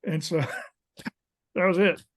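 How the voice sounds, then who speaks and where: This former college kicker, now in his fifties, has a fairly high voice and stretches out his words. Appearing on a podcast, he relaxes into telling stories and lively impressions of the coaches he's quoting.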